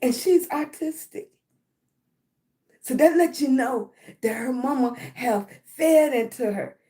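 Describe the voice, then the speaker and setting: A woman speaks slowly in a high, warm voice during a motivational live stream on self-love. Congested in her chest, she clears her throat now and then, and her delivery is repetitive, with "right?" coming up again and again.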